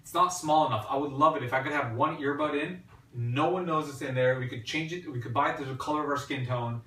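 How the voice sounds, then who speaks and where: A man's voice: a little high, fast talker, fairly bright tone. Hesitant man, echoey distant mic. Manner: hesitant, many fillers and restarts. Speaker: podcast host. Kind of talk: casual tech chat. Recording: echoey room, distant mic, faint hiss.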